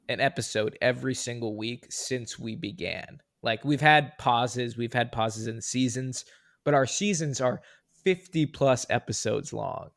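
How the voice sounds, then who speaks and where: A young man co-hosting a podcast in casual chat, animated and prone to loud mock voices. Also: medium pitch, no room sound, studio quality. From California. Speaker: podcast co-host.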